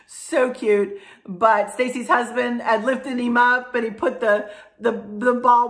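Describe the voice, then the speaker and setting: A woman's voice: fairly high pitch, fairly even intonation, slow, a bit bright. A middle-aged woman chatting casually to her viewers, emotional and rambling, with frequent restarts. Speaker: vlogger. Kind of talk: casual chat to camera.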